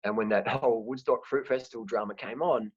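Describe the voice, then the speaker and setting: A man's voice: mid-range voice, brisk, husky, dry recording. A man hosting a casual chat, talking frankly and rambling with frequent restarts. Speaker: host. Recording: dry, dull lo-fi sound.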